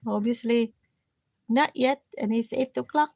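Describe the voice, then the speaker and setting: Tired high-voiced woman, slow and coaxing. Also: dry recording. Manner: gentle, coaxing, repeatedly addressing a listener by name; chatty and self-mocking, with frequent laughs. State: tired from lack of sleep. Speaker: livestreamer. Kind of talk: casual live-stream chat.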